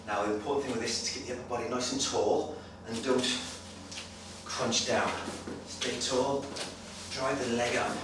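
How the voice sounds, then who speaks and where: A slightly breathless male personal trainer demonstrating exercises, giving brisk, direct coaching with frequent check-ins. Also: medium pitch, steady tone. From Wales. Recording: very echoey, distant, noisy room sound.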